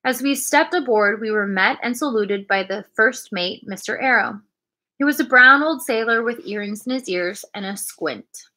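Casual: lady reading a kids' story out loud, clear and bright. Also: on the high side, normal speed. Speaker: reader. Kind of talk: reading a children's storybook aloud.

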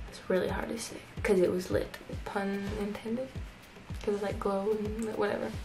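A young woman tells a story to her camera in a chatty vlog, her voice level and even with a touch of vocal fry. She keeps dropping in "like" as she talks. Faint music plays behind her. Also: medium pitch, moderate pace, low-quality recording. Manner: chatty, lots of "like" fillers. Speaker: YouTuber.

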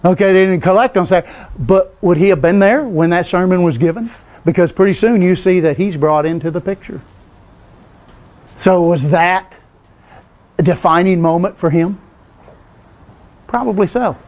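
Older guy teaching bible class, kinda high voice, quizzes the room then answers himself. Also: moderate pace, pauses often, darkish tone, highs cut off. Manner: asks the class questions and answers them himself.

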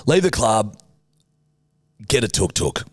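A young Australian man with a low, fairly deep voice tells a rambling, swear-filled story to his co-host. His voice sounds close and dry, with no room around it. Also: very animated, takes it slowly, husky, no room sound. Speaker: podcast co-host. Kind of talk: casual storytelling chat.

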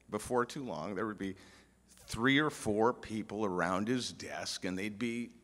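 A man giving a humorous, story-filled memorial speech with restarts and emphatic pauses, in a large pavilion hall. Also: on the low side, a bit bright. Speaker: eulogist speaking at a memorial. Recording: long hall reverb.

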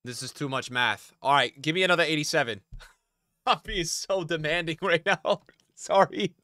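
Streamer, male, tired; bright, slightly high voice, dry close mic, ranting at chat. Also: normal speed, dry recording. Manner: swears and vents at chat, swinging from mumbling to yelling. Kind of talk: live-stream gaming chat.

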